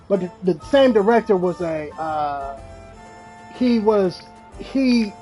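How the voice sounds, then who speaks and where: A game streamer chatting casually and telling stories in an animated, rambling way, with lots of slang and swearing. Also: mid-range voice, rough recording. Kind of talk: casual chat while streaming.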